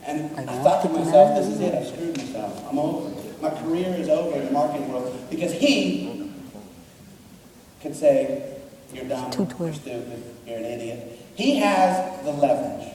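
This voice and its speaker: A man giving an animated, joking storytelling talk to a school assembly. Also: a little high, normal speed, crowd noise. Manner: acts out voices in his anecdotes, jokey. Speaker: motivational speaker at a school assembly. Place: large school hall or gym. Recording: echoey hall from far off.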